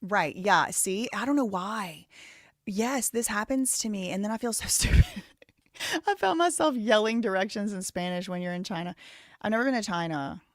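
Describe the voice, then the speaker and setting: A woman's voice: medium pitch, expressive, moderate pace, dry recording, studio quality. A woman in her thirties hosting a live stream, rambling casually and thinking aloud with lots of "like" fillers. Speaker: livestream host.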